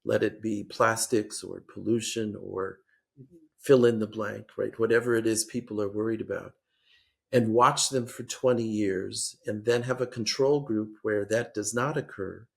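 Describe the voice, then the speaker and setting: Gravelly low-voiced older man, hesitant. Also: fairly even intonation. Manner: measured, hesitant, many restarts. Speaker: guest policy expert. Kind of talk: podcast interview.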